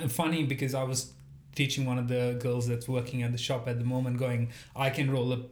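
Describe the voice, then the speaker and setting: A man speaks earnestly in casual conversation, pausing often with ums. His voice is at a middle pitch, and a roomy echo hangs around it. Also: level tone, a little mellow. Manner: earnest, hesitant with many ums. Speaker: pizza maker guest. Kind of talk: casual storytelling chat.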